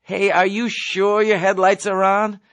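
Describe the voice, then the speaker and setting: A man voicing a fussy, anxious young male airman who keeps pleading and shouting warnings. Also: fairly high pitch, sing-song, normal speed, no echo. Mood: alarmed. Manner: pleading, increasingly alarmed shouting.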